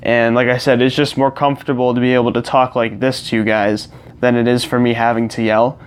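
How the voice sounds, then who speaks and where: A young gaming vlogger chats casually to camera as he plays, rambling with lots of fillers and restarts. His mid-range voice has a level tone and a fairly quick pace, and it sounds clear and resonant. He's recorded on a clip-on lapel mic plugged into his phone.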